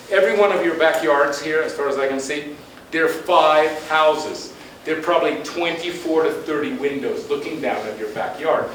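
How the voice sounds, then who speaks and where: A man's voice: fairly high pitch, normal speed, a bit bright. A man giving a slide presentation on town planning, talking bluntly and conversationally with frequent restarts. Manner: emphatic and conversational, with blunt asides. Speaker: guest lecturer on urban planning. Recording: very echoey room, distant mic, faint noise.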